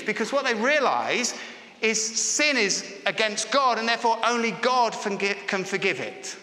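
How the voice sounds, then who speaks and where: A man's voice: high-pitched, lively intonation, a little slow, pushed and bright. A man preaching a sermon in church, talking conversationally and putting questions to the congregation. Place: church hall. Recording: echoey hall with long reverb.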